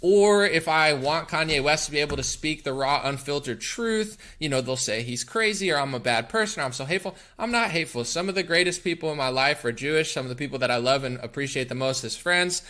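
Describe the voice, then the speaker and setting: A man hosting a political talk podcast, ranting in a combative, emphatic way. His voice sits a bit high and sounds bright and forceful. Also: lively intonation, fast, hardly any pauses. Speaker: podcast host.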